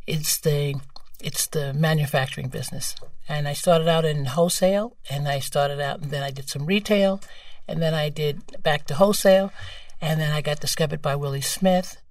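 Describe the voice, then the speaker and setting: A woman in her seventies with a New York accent, a guest telling frank, lively stories and laughing easily. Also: deep voice, normal speed, no echo, clean studio sound, distant mic. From New York, USA. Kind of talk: candid storytelling conversation.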